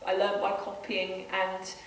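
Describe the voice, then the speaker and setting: A British woman hosting a convention panel, chatting in a quick, easy way. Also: mid-range voice, completely flat delivery, a bit bright. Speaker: panel host. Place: convention hall. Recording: echoey hall from far off, faint noise.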